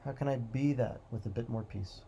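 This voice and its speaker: Brief: male host, gravelly, warm low tone, calm repetitive motivational musing, faint background hiss. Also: muffled recording. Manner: calm, repetitive, drawn-out phrasing. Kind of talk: slow reflective motivational monologue.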